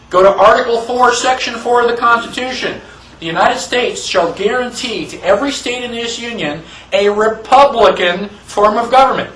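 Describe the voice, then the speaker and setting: A man with a high voice gives an emphatic classroom lecture and keeps asking his listeners rhetorical questions. He sounds distant from the microphone, and the room around him echoes. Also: a bit bright. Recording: echoey room, mic far off.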